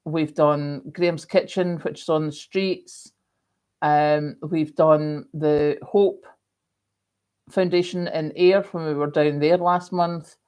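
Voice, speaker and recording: A woman's voice: low voice, fairly even intonation, slow pace, warm tone. A woman hosting a casual live stream, chatting rambly and reading out viewer comments with lots of ums. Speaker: livestream host.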